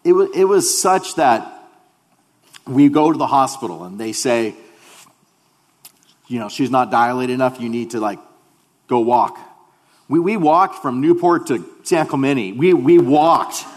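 A man's voice: medium pitch, expressive, measured pace, pauses often, long reverb tail. A male pastor giving a sermon, telling a personal story in a humorous, conversational way.

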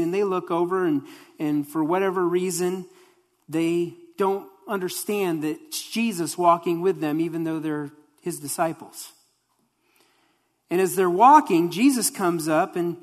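Animated storytelling preacher, mid pitch, long hall reverb. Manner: animated storytelling with acted quotes. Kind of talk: sermon.

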